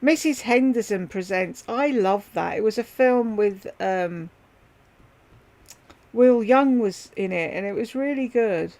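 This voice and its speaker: A woman rambles easily through a casual livestream from home, talking straight to her viewers by name. Her mid-pitched voice has a steady gravelly fry running under it. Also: unhurried. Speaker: livestream host chatting with viewers.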